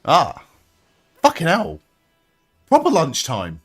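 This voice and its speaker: An excitable young man calls out the action in a lively, swooping voice that sits a little high for a man. He swears freely and laughs often, with faint music playing underneath. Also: slow pace, husky. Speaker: streamer hosting a wrestling watch-along. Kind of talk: live reaction commentary and chat.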